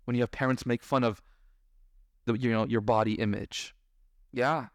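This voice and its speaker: A man delivers a spirited talk in a voice of ordinary pitch. He draws his listeners in with questions and acts out the parents and children in his examples. The sound is dry and close, with no room echo. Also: steady tone, moderate pace, pauses often. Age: adult parent. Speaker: Islamic speaker. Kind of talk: lecture to a live audience.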